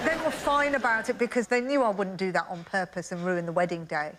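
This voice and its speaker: A woman's voice: mid-range voice, steady tone, brisk, heavy background noise. A woman guest on a comedy panel show, telling an anecdote in a chatty way, repeating phrases and laughing as she goes. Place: TV studio before a live audience.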